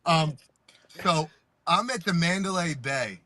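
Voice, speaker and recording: A male podcast host telling stories in casual chat, laughing as he goes and shouting when he re-enacts them. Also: fairly high pitch, lively intonation, takes it slowly, dry recording.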